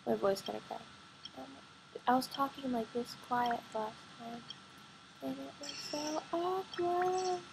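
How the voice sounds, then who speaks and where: A woman chatting excitedly and rambling with lots of fillers while playing a computer game at home, recorded on her computer microphone. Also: fairly high pitch, a little hiss or hum, poor audio. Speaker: gaming vlogger.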